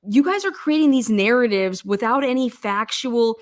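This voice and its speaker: A woman's voice: fairly high pitch, animated, normal speed. A middle-aged woman telling stories in a casual monologue, profane and exasperated, acting out quoted voices. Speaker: commentator on a criminal case.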